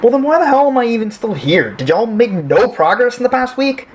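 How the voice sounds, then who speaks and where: A man's voice: mid-range voice, expressive, fairly quick, a little hiss or hum, lightly acted. A man playing a quarantined patient who grows uneasy and furious, in an amateur audio drama. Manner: uneasy, then bursts into shouting rage.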